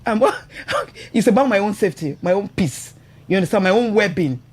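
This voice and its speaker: A woman's voice: medium pitch, moderate pace, breathy edge. Nigerian lady on the radio talking marriage, all worked up, keeps asking if you understand. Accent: Nigerian English. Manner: animated, emotional, laughs often, asks "you understand?". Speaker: radio show host. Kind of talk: casual radio talk about marriage. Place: radio studio.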